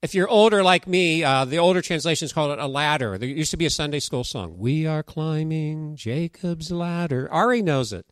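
A middle-aged man delivers a sermon in a relaxed, conversational way, reading scripture aloud and joking with his listeners. His voice sits a little high for a man. The sound is close and dry. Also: fast, hardly any pauses, no echo. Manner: chatty, jokes with the congregation, reads scripture aloud. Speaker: pastor.

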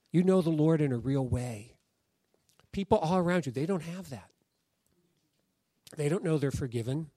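Conversational pastor preaching with dry sound. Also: male voice, on the high side, darkish tone, no echo. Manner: conversational storytelling, acts out quoted voices. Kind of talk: sermon. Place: church sanctuary.

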